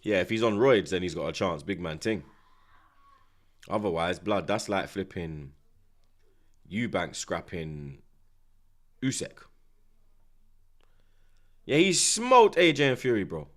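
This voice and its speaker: Lively low-voiced man chatting. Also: slow, pauses often. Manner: slangy and rambling, with frequent restarts and tags. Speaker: watchalong host. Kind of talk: casual live commentary chat.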